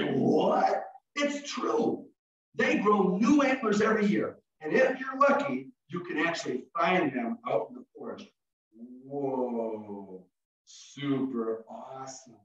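A man's voice: sits high, fairly bright tone. A man presenting an online class on nature education, talking in a playful, theatrical way and imitating animal calls. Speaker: early childhood educator presenting. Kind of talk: animated demonstration for teachers. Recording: far from the mic, echoey and dull.

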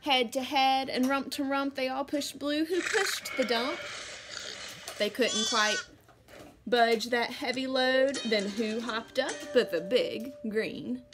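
Slow, sing-song teacher reading a picture book. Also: female voice, high voice. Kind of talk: children's picture book read-aloud. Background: background music and sound effects from a read-along app.

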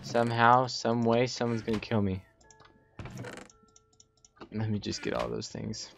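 A young man giving jumpy, excitable commentary while playing a Minecraft survival match, talking to himself and often yelping in panic. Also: medium pitch, unhurried, gravelly, music in the background. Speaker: gaming YouTuber. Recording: slightly dull lo-fi audio.

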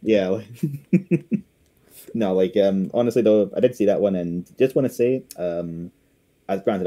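A man's voice: low-pitched, warm tone. A man chatting on a podcast, rambling and hesitant with frequent laughs. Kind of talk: casual podcast chat.

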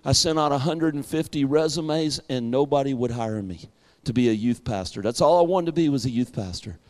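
A man's voice: medium pitch, a little fast, darkish tone. A middle-aged man with a Southern American accent, a pastor introducing a guest with a folksy story. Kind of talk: church introduction.

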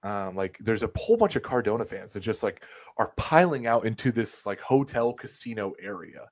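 A man telling a story on a podcast as a guest, animated and swearing freely. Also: on the low side, normal speed. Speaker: wrestling videographer guest.

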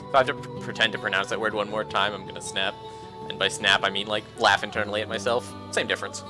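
A man hosting a let's play who reads a visual novel's narration in a steady voice with small slips. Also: fairly low pitch, fast, low-quality recording. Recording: faint music behind.

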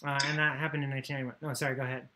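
A woman's voice: very deep voice, level tone, very fast, noisy background. A woman giving a loose, joking lecture, often correcting herself and swearing casually. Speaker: course lecturer.

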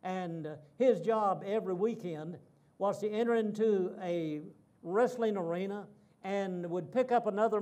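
A man with a high-pitched speaking voice delivers a sermon in a church. He tells a long story with dramatic pacing and circles back to the same vivid phrases again and again. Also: darkish tone. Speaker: guest preacher.

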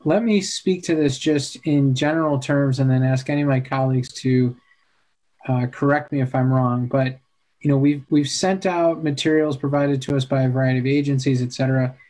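A man's voice: medium pitch, steady tone, moderate pace, mellow. A man, a school administrator and a dad, hosting a virtual town hall and answering parents' questions in a sympathetic, thinking-aloud way over a video call.

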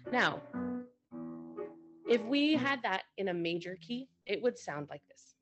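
A woman's voice: medium pitch, sing-song, a little slow. A woman co-host teaching music at the piano, talking conversationally and often checking in with her listeners.

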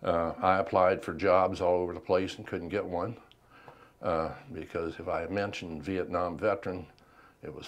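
Older male veteran interviewee, very low voice, measured reflective delivery. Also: fairly even intonation, highs cut off. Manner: unhurried, reflective, many ums and pauses. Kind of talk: oral history interview.

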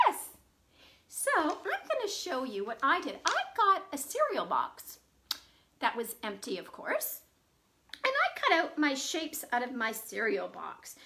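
A woman librarian leading a children's storytime from home, animated and full of gasps as she talks to young kids. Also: sits high, background noise.

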